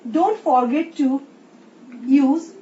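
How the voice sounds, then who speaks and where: A woman teacher with an Indian English accent, slowly explaining a recorded English lesson and reading example sentences aloud. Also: high voice, dark tone. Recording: roomy, distant, dull sound with faint hiss.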